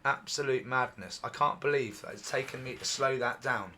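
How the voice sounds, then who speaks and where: A middle-aged man hosting a UFO channel, giving excited, repetitive commentary over video footage, his voice going hoarse. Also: medium pitch, normal speed, a little hiss or hum. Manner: excitable, repetitive, exclaims often.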